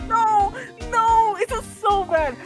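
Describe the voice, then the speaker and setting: Young woman co-host, high voice, slow and giggly, music playing behind. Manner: giggly, apologetic, jokey. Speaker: co-host on a stream. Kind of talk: casual chat.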